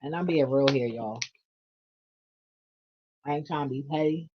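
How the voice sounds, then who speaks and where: A woman's voice: low voice, a little slow, noisy background. Blunt, profane woman reading tarot. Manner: blunt, profane, laughing asides. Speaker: tarot reader. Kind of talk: casual tarot reading vlog. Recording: dull lo-fi audio.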